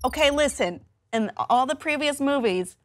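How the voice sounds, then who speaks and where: A woman co-hosting a casual pop-culture discussion, animated and opinionated, laughing often. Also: high-pitched, moderate pace, faint music behind. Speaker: co-host.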